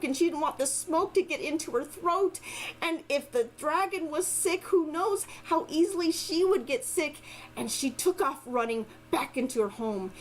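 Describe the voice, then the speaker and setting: A woman telling a folk tale aloud, expressive and lively. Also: high-pitched, slight background noise, low-quality recording. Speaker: storyteller. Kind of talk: oral storytelling.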